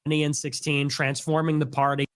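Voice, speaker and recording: A man's voice: fairly high pitch, little pitch movement, normal speed, fairly bright tone, dry recording, clean studio sound. A man co-hosting a live commentary stream, speaking in a blunt, offhand way. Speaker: co-host.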